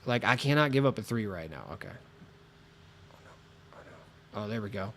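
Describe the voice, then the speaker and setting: A man streaming a basketball video game, chatting casually and excitably with viewers, cursing as he plays, with a voice a little lower than usual from being sick. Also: brisk, a little hiss or hum. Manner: swearing, excitable, talks to chat while playing. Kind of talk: casual gaming stream chat.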